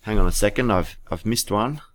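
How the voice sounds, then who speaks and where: A man's voice: fairly low pitch, brisk, fairly bright tone. A man teaching a class through a screen-recorded tutorial, patient and spelling words out letter by letter, with keyboard clicks behind him.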